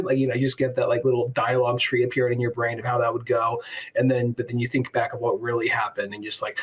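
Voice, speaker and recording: Husky guy rambling on a podcast, crude, mid pitch. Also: level tone, fast. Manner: rambling, crude, acts out quotes. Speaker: podcast host. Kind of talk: casual podcast chat.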